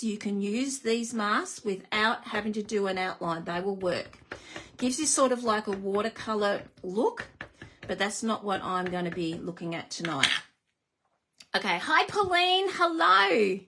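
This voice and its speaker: A woman's voice: mid-range voice, moderate pace, fairly bright tone, a little hiss or hum. A woman hosting a live card-making demonstration, chatty and self-deprecating, greeting viewers as she works. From Australia.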